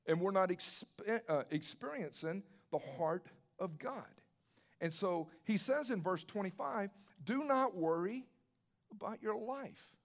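A man pastor preaching a sermon in a conversational way, asking rhetorical questions and repeating his key phrases for emphasis. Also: high-pitched.

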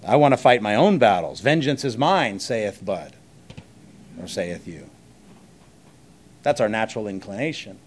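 Speaking on the low side with lively intonation, a pastor delivers his sermon conversationally. He poses rhetorical questions and leaves emphatic pauses between short phrases.

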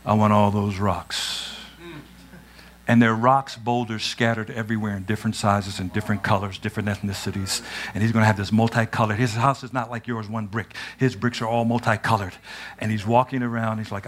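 A man preaching a sermon in a church, animated, acting out scenes and shouting at the peaks. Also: on the low side, a little fast. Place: church sanctuary.

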